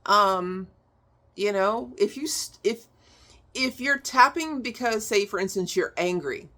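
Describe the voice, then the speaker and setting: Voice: mid-range voice, animated, unhurried, sharp tone. Casual instructional talk, chatty, filler-heavy, blunt, tapping coach. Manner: chatty, peppered with "um", "like" and "right?".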